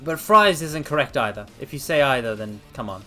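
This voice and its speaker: A man streaming casual chat, theatrical and animated, calling his viewers mortals, a little out of breath. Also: medium pitch, a little fast. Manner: animated, swings between loud outbursts and mock apologies. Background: faint background music.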